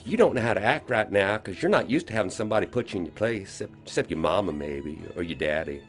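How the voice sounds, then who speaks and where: A man voicing a slow, confident country schoolgirl with a rural Southern accent, sly and teasing. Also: on the low side, lively intonation, soft background music, voice pushed up, natural voice. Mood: taunting. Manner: drawling, teasing, quietly menacing.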